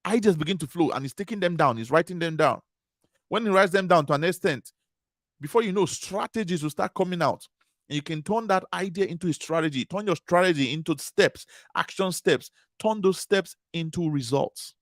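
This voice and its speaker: Brief: higher-voiced male motivational speaker, repetitive emphatic delivery, dry close sound. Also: animated, a little fast, dry recording. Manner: repetitive, emphatic preaching cadence. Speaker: conference speaker. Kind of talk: motivational talk.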